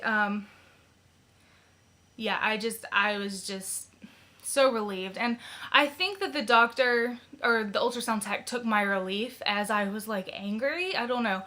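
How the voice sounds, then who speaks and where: A young woman talks to her camera in a chatty, giggly way, with plenty of ums and likes. Her voice is bright and clear, sitting at a middle pitch for a woman. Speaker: vlogger. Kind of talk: casual pregnancy vlog.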